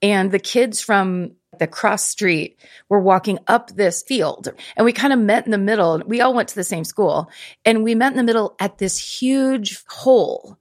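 Woman in her 50s on a podcast, storytelling fast and animated, very dry sound. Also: medium pitch, no room sound. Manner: animated storyteller, quick bursts. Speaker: podcast guest. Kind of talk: casual chat.

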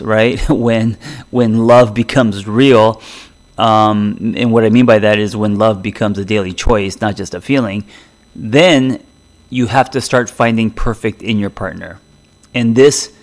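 A middle-aged man hosting a solo podcast as a therapist, talking in a loose, reflective way with many restarts. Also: on the low side. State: choking up from a drink.

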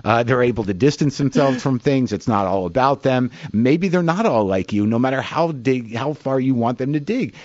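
A man's voice: mid-range voice, animated, moderate pace, few pauses, a little mellow, no echo. A middle-aged male comedian tells confessional stories in a self-mocking, profane way. His voice sits in a middle register and is close and dry, with no room around it. The recording is slightly dull. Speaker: comedian guest. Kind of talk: candid storytelling interview.

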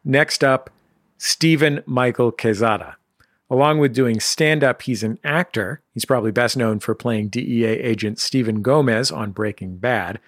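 A man hosting a radio show, presenting in a relaxed, friendly way. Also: mid-range voice, moderate pace, no echo, clean studio sound. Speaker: radio host.

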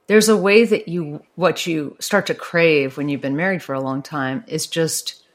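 Low-voiced woman author musing aloud. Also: steady tone, unhurried. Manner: thoughtful, rambling with restarts and laughs. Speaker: author and advice columnist. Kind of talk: conversational interview answers.

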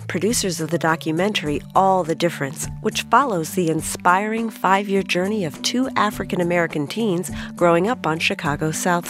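Woman reading a sponsor message. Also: lowish voice. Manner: even, scripted reading. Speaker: sponsor announcer. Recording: announcement over music.

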